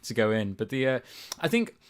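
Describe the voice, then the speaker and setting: Male guest, British accent, mid-range voice, halting and modest. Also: mid-range voice, big pitch swings, clean tone. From Britain. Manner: hesitant, self-deprecating, many fillers. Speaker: audiobook narrator, guest. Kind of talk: casual conversation.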